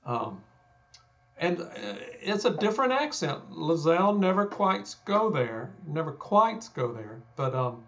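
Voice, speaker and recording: A man's voice: fairly high pitch, big pitch swings, unhurried, fairly bright tone, dull audio. A man from Texas with a Texan accent, talking through ideas in a thoughtful, self-deprecating way with many fillers and restarts. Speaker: guest scholar. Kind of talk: conversational explanation.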